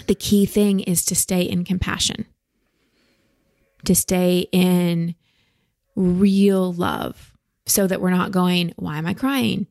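A woman with a low, gravelly voice coaches her guest in a slow, reassuring way. She gives warm, steady advice on a podcast. The sound is close and dry, with no room around it. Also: no room sound. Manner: gentle, slow, reassuring advice with soft laughs. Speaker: podcast host and emotional coach. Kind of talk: coaching conversation.

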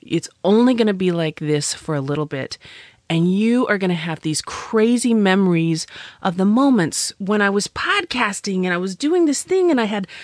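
Chatty bubbly woman, mid pitch, super dry close sound. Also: no echo. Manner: bubbly, exclamatory, chatty with big swings in pace. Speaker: business owner sharing tips. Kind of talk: recorded guest message for a podcast.

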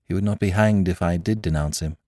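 A man voicing an excitable, nervous young curate who talks in trembling, feverish agitation. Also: sits low, fairly quick, no room sound, clean studio sound, lightly acted. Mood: unsteady.

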